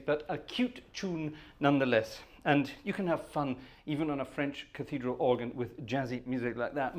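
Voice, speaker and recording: A middle-aged British man with a posh accent, hosting a relaxed organ music livestream in a rambling, chatty way and chuckling at his own asides. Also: fairly high pitch. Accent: posh British English. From Britain. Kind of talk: casual livestream chat between organ pieces. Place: organ room.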